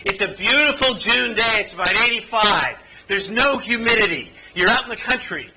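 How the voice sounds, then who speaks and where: A man's voice: sits high, lively intonation, normal speed, pushed and bright, low-quality recording. A man presenting an interactive training exercise to an audience at tables, telling a story and joking with the room. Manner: playful storyteller, jokes with the audience. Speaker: workshop presenter.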